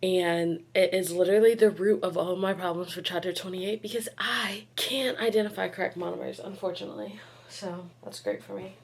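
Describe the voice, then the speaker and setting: A woman's voice: fairly low pitch, brisk, few pauses, slightly rough. A young woman vlogging casually, rambling in frustration with many fillers, close to tears and short of breath. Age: young adult. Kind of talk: casual vlog chat.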